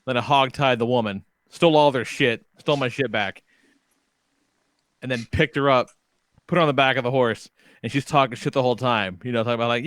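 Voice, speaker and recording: A man co-hosting a podcast, telling a game story in casual chat, animated and profane, acting out voices. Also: medium pitch, a little fast, no room sound, clean studio sound. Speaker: podcast co-host.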